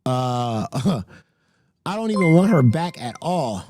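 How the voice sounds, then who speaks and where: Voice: mid-range voice, very animated, slow, a little mellow, a little hiss or hum. A livestream host chatting casually with viewers, laughing often and swearing freely.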